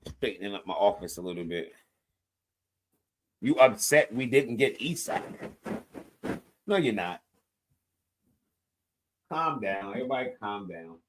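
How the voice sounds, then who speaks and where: A man's voice: fairly low pitch, animated, unhurried, long pauses, a little hiss or hum. A man live streaming in casual chat, profane and hyped, pushing his viewers.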